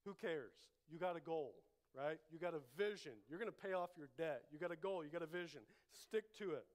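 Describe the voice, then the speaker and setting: A man's voice: fairly high pitch, brisk. A man preaching a sermon as pastor, emphatic, repeating key phrases and leading the congregation to say them back. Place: church.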